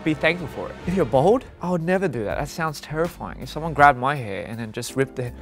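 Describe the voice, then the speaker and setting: A man's voice: medium pitch, animated, a little fast, faint music behind. A young man from Australia casually reading fan tweets aloud, playful and self-deprecating, often breaking into laughter.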